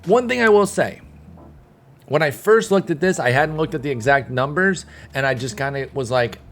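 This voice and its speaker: A man's voice: fairly high pitch, animated, moderate pace. A young man streaming, ranting casually to his chat, heated and rambling with many restarts. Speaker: gaming streamer. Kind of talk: casual commentary to live chat.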